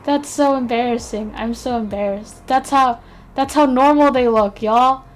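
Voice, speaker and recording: A woman's voice: on the high side, steady tone, normal speed, a little hiss or hum. A tired woman streaming casually, chatting and mumbling to herself as she works, with a self-deprecating manner. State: tired, yawning. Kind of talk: casual live-stream chat.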